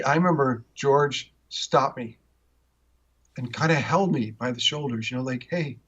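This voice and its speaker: A man telling personal stories in an interview, earnest and rambling, with frequent restarts, rising in pitch when moved. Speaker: interview guest, author. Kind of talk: personal storytelling in conversation. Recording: dull, muffled audio.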